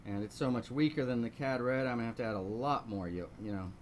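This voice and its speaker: Speaking fast at a medium pitch, a painting instructor runs a live online lesson. He talks through the steps one by one and asks rhetorical questions, with slight background noise present.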